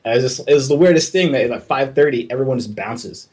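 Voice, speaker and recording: In a husky, medium-pitched voice at a fairly quick pace, a young man tells a casual tale about working abroad. As an artist looking back, he's animated, swears freely, and acts out the quoted lines.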